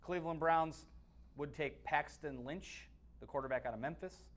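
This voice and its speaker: A man's voice: fairly high pitch, moderate pace. A man co-hosting a sports webcast, giving blunt opinions on football in casual talk that is full of restarts. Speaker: sports analyst co-host.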